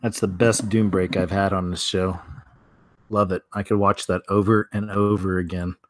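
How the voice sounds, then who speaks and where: A man's voice: sits low, little pitch movement, normal speed, no room sound. A man hosting a weird-news show, reading headlines aloud and then riffing on them in a chatty, offhand way. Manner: chatty, reads headlines then riffs with asides. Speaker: news commentary host. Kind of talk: casual news commentary.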